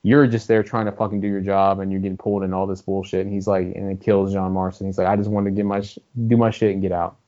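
A man's voice: sits low, flat delivery, quick pace, few pauses, mellow. A man rambling casually about video games, swearing freely and acting out characters' lines. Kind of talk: casual gaming chat. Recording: dull lo-fi audio.

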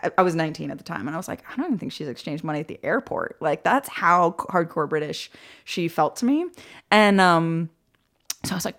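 A woman guest on a podcast, telling stories in a casual, animated way, acting out quoted voices and often laughing. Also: on the low side, quick pace. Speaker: guest, film director. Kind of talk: casual podcast interview storytelling.

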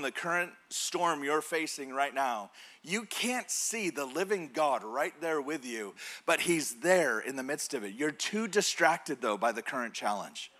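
Delivering a sermon by way of a personal story, a man in his thirties speaks in a high-pitched voice. The pastor tells it in an animated way, with laughs.

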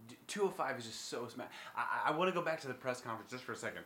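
A man hosting a casual podcast chat, animated and quick to laugh, leaning on "like" and "dude" as he talks. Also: mid-range voice. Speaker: podcast host. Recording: echoey room.

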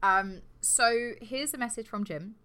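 Woman, podcast co-host, casual true crime storytelling, bright tone, animated and sweary. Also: on the high side, unhurried, smooth.

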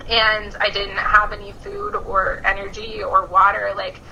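A woman, a podcast guest, telling a story in casual, animated chat full of "like" fillers. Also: medium pitch, a little slow, creaky, slight background noise, rough recording. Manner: animated, chatty, frequent "like" fillers.

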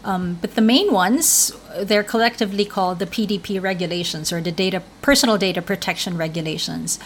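A woman's voice: medium pitch, brisk, a little hiss or hum. A woman correspondent answering interview questions in an explanatory way, with frequent fillers. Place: remote link from another city.

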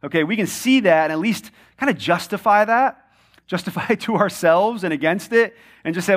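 A man's voice: high-pitched, fairly quick. A man in his thirties, a pastor preaching a sermon in a conversational way, often checking in with "right?" and building points through repeated rhetorical questions.

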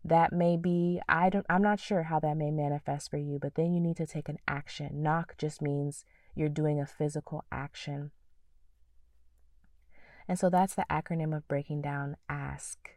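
Woman podcast host, low mellow voice, earnest faith teaching with whispered prayers, dry sound a little off the mic. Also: steady tone, moderate pace, dry recording, far from the mic.

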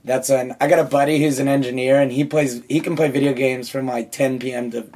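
A man's voice: medium pitch, little pitch movement, fairly quick, darkish tone. A young man co-hosting a podcast, talking loosely with profane, laughing banter. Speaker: podcast co-host. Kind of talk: casual chat.

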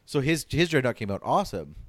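A man's voice: medium pitch, sing-song, fast talker, no room sound. A man chatting casually as a podcast co-host, rambling and swearing freely. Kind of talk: casual chat.

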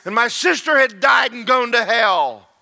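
A man preaching a sermon, swinging from low murmurs to shouted passages. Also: lively intonation, unhurried, vocal fry. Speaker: pastor.

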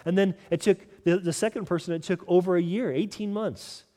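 Emphatic preacher in a reverberant hall. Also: male voice, sits high, steady tone, fairly quick, mellow. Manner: emphatic, repeats words when restarting. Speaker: pastor. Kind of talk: sermon.

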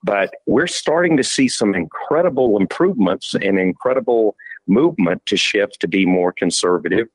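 Man, talk radio host, very low voice, dry close sound, emphatic questions. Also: no echo, rough recording.

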